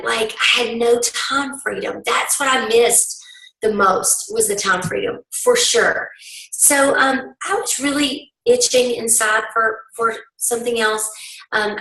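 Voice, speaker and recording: A middle-aged woman, a bit hoarse, telling her story to a sales team in a rambling, folksy way full of ums. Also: fairly high pitch, fairly bright tone. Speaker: guest speaker on a team call. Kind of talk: personal testimony to a sales team. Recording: roomy, distant conference-call audio.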